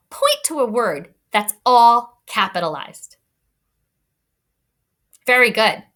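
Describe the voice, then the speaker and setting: A woman's voice: fairly high pitch, big pitch swings, slow pace, pauses often, bright, forceful tone. A woman teacher giving a read-aloud lesson to young children, encouraging and thinking aloud as she explains.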